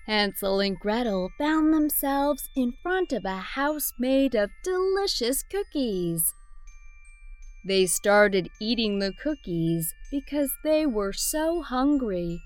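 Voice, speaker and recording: A woman reading a fairy tale to young children, very slow and careful, her voice rising and falling in a lively, singsong way. Soft chime and glockenspiel music plays faintly behind her. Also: fairly high pitch. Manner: clear, deliberate read-aloud for small children. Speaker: storyteller. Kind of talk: children's storybook narration.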